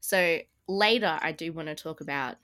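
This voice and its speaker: A woman's voice: deep voice, normal speed, a bit bright. A woman co-hosting a casual tabletop-game podcast, rambling and laughing often. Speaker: podcast co-host. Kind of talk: casual chat.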